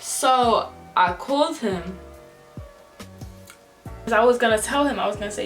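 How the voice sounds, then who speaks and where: A woman's voice: on the high side, normal speed, long pauses, faint music behind. Young woman telling a slangy storytime. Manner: animated, slangy, acts out quotes in different voices. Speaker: vlogger. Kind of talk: storytime vlog.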